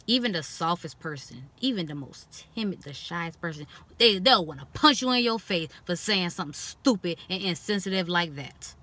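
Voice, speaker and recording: With hardly any pauses, a young woman vlogger talks at a moderate pace in a lowish voice, addressing the camera casually. She speaks frankly and bluntly, animated and expressive, acting out what others say to her in mocking voices.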